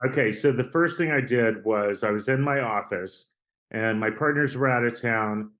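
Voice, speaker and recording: A man tells stories as a guest on an interview podcast, chatty and rambling. He tosses in "right?" and "like" as he goes. His voice sits in a middle pitch. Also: moderate pace, a bit bright. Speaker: artist guest. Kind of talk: casual storytelling interview.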